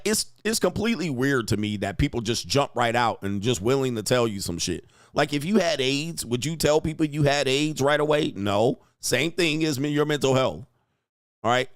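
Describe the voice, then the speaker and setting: Casting: brash, loud male stream host, profane, quick to laugh, dry close mic. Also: medium pitch, dry recording. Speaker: online talk show host reading chat. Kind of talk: casual live-stream commentary.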